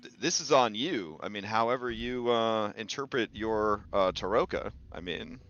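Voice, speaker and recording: A man narrating as game master of a tabletop game, relaxed and hedging with many fillers. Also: fairly low pitch, normal speed. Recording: dull lo-fi sound with music behind.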